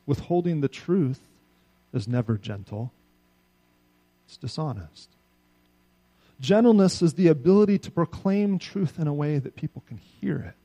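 A middle-aged man delivers a sermon with an easy, conversational warmth, tossing rhetorical questions to his listeners. His voice sits a little higher than most men's yet sounds mellow and soft-edged. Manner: conversational, animated preaching with frequent rhetorical "right?". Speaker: pastor.

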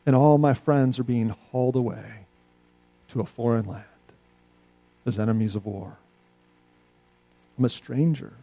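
A man preaching a sermon, swinging between loud, pleading outbursts and quiet, low asides. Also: measured pace, pauses often, no room sound, soft background music. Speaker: pastor.

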